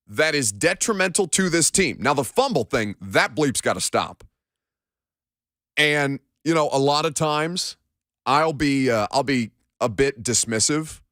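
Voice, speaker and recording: Blunt, animated man hosting sports radio. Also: medium pitch, no echo, clean studio sound. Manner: bantering, then blunt opinionated analysis. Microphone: studio microphone.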